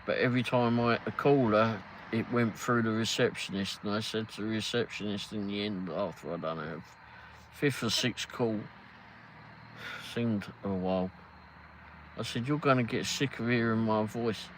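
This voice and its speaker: A man's voice: fairly low pitch, steady tone, moderate pace, slight background noise, rough recording. Chatty English man, live stream. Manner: rambling, reads chat aloud, laughs often. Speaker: livestream host. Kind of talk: casual live-stream chat.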